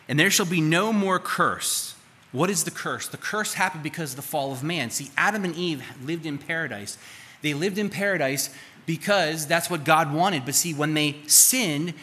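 A man's voice: on the high side, sharp tone. A man preaching a sermon as a pastor, talking casually and putting questions to his congregation. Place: church sanctuary. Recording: live church hall reverb, faint room noise.

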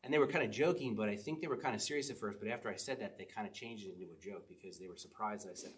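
A middle-aged man, a pastor, preaching a conversational sermon and often checking in with his listeners with a quick "okay?". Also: on the low side. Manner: conversational, chatty preaching with frequent "okay?" asides.

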